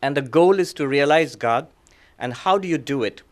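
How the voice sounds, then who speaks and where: This guest speaker is a middle-aged monk whose fairly high voice comes across as animated. Weaving lessons together with stories from his own life, he speaks in brief, often-paused phrases, staying gentle and thoughtful and chuckling quietly at his anecdotes.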